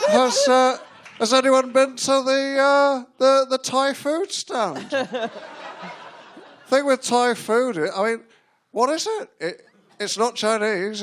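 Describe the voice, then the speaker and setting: A man's voice: very high-pitched, heavy background noise, exaggerated voice. A man doing an impression of a stand-up comedian at a festival, rambling and hesitant with many fillers. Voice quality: hesitant, full of fillers and restarts.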